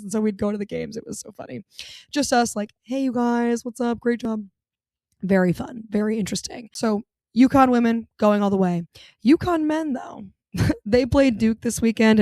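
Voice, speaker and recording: A woman's voice: a little high, dark tone, no echo. A young adult woman hosting a solo podcast, talking casually and animatedly, swearing and laughing often. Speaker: podcast host.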